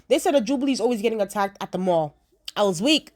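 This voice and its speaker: In a casual review vlog, a TV show reviewer walks through an episode with a quick, lively, medium-pitched voice that's slightly mellow. The young woman is chatty and forceful, saying things twice for emphasis.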